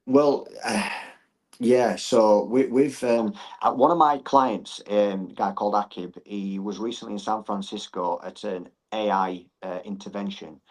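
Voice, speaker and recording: A middle-aged man with a somewhat low voice. He explains things earnestly as a podcast guest and repeats phrases to drive a point home. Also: a little slow, low-quality recording. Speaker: martial arts gym owner and coach.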